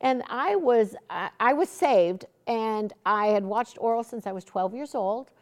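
A woman's voice: on the high side, animated, unhurried. A middle-aged woman hosting a podcast interview, telling stories in an earnest, conversational way. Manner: earnest storytelling, warm laughs between thoughts. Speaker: podcast host.

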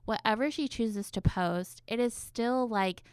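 A woman's voice: on the high side, unhurried, smooth, dry recording, studio quality. A woman therapist co-hosting a podcast, talking casually with frequent "um" and "like.". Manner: conversational, hesitant fillers.

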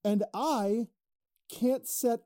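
A man's voice: very high-pitched, extremely slow, mellow, dry recording. A man co-hosting a podcast in casual, profane banter, arguing and laughing, close on the mic. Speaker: podcast co-host.

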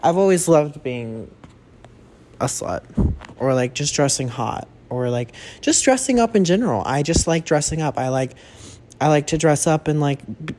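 This young adult podcast host wanders through a chatty solo ramble, full of self-corrections and free swearing. He speaks in a fairly high, slightly mellow voice.

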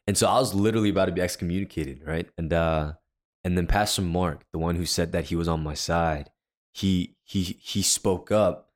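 His voice sits low and moves at a moderate pace. As co-host of a faith podcast, he tells a personal story in earnest, casual talk, voicing the dialogue of the people involved.

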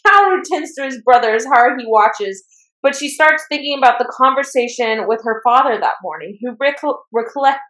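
A woman hosting a casual chat, recapping an anime episode as an excitable fan who gets worked up and laughs as she retells it. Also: high voice, moderate pace, roomy sound, poor audio. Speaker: podcast host recapping an anime.

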